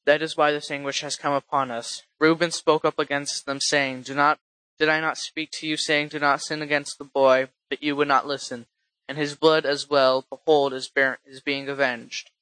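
Man reading scripture, bright voice, flat delivery, frequent restarts, dry close sound. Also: on the high side, smooth, dry recording, rough recording. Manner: halting reading with frequent restarts and self-corrections. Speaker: scripture reader.

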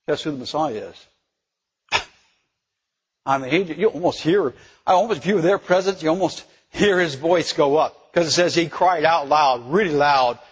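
A man with a high, husky voice teaches from scripture in sermon style. He surges into loud, emphatic declarations and then sinks back to a quiet, reflective tone, tripping over words as he goes. The recording is muffled and lo-fi, with a long hall reverb. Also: moderate pace. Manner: stumbles over words and laughs at himself. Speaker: preacher.

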